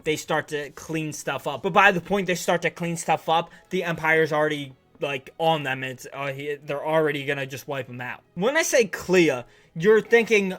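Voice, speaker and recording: A man's voice: fairly high pitch, moderate pace, fairly bright tone, faint music behind. A man casually reviewing a TV series on his channel, enthusiastic and rambling, with lots of restarts and slang.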